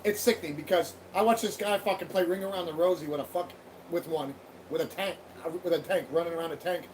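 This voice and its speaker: A man's voice: a little high, steady tone, fast, a little mellow, slight background noise. A man hosting a livestream, ranting bluntly with heavy swearing and rambling restarts. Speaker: livestream host. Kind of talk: profane rambling monologue. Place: home livestream.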